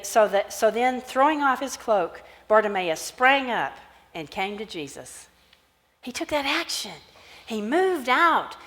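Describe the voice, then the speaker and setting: A woman pastor giving a sermon, animated as she tells a Bible story and acts out its characters. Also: mid-range voice. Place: church sanctuary. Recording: church hall reverb.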